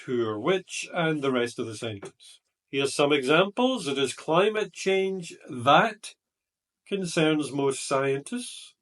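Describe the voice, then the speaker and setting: Slow, deliberate male grammar teacher. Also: on the high side, a bit bright, far from the mic. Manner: slow, deliberate, reading example sentences aloud. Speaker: IELTS examiner and teacher. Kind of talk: explanatory grammar lesson.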